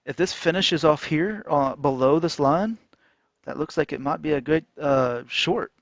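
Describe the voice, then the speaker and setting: A man ranting casually while trading on a chart, animated and mocking. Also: on the high side, a little slow, vocal fry, no room sound. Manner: animated, mocking voices, frequent laughs. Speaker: trading vlogger. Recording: dull lo-fi dry sound.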